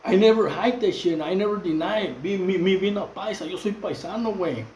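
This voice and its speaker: High-voiced Mexican man in a roomy echo. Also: brisk, darkish tone, slight background noise. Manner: repetitive, many fillers and restarts, street slang. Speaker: channel host. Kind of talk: casual monologue to camera. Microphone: phone.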